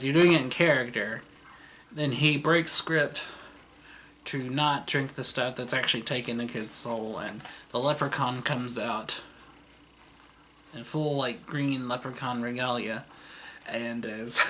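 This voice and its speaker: Rambling through a casual retelling of an old TV series, this vlogger fills his talk with fillers and laughter. His voice is bright, forward and middle-pitched, with a faint hum of noise in the background.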